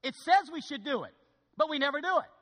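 A man preaching a sermon to his church, animated and swinging from loud calls to hushed asides. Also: extremely high pitch, fast talker, in a large hall. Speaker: pastor. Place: church sanctuary.

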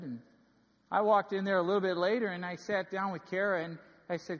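A man in his thirties preaches with a high, bright-toned voice that carries through a large church sanctuary, and a long reverb trails each phrase. He tells stories earnestly, swinging from ringing emphasis to hushed asides. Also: fairly quick. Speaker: pastor. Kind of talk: sermon.

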